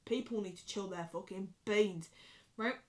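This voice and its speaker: A woman's voice: medium pitch, normal speed. A woman in her twenties with a Yorkshire accent, rambling and swearing freely in a casual vlog to camera. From Yorkshire, England. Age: 20s. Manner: rambling, sweary, chatty, animated. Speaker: vlogger.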